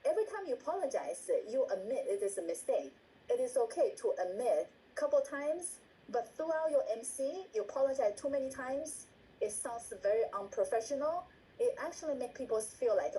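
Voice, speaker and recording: Trainer: woman, dark-toned and repetitive, acts out examples, video-call sound with faint hiss. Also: high voice, animated, fairly quick, rough recording. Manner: repeats words, asks "right?" often, acts out example lines. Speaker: meeting trainer. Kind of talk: instructional talk on a video call.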